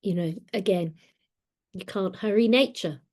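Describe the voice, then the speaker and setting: A woman's voice: medium pitch, unhurried, darkish tone. A woman in her sixties giving an earnest, reflective talk on personal growth, often repeating words as she gathers her thoughts. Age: 60s.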